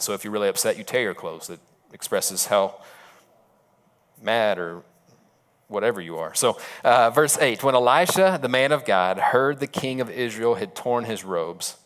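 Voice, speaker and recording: A male pastor gives a relaxed sermon. He retells the story in a conversational way, with asides to the congregation. His voice sits on the low side.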